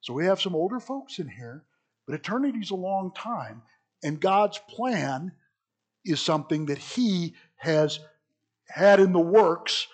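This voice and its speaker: A man's voice: high-pitched, expressive, a little slow. A man preaching a sermon, reading scripture aloud and then explaining it in plain, conversational asides. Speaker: pastor.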